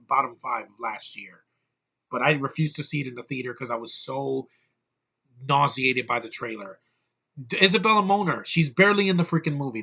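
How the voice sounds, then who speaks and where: A man's voice: medium pitch, bright, forceful tone. A man giving an exasperated, profane movie review rant, with heavy emphasis. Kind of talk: ranting movie review vlog.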